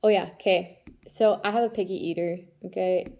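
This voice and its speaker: A woman's voice: fairly low pitch, steady tone, brisk, lo-fi sound. A woman in her thirties, a tarot reader talking casually about her day and her kids, often checking in with "okay?" as she goes. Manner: chatty, tags lines with "okay?". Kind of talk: casual spiritual vlog talk.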